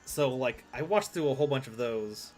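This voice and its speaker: A man's voice: medium pitch, animated, moderate pace, darkish tone. A man streaming a card game live, rambling and self-deprecating as he chats with his viewers. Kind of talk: live gameplay commentary.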